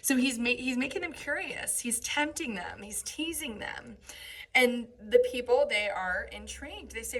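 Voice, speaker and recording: A woman's voice: on the high side, normal speed, a bit bright, slightly rough. A woman teaching a lesson, chatting through a play and checking in with "right?" as she reads lines out with playful emphasis. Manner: conversational, frequent "right?" check-ins. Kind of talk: lecture walkthrough of a play.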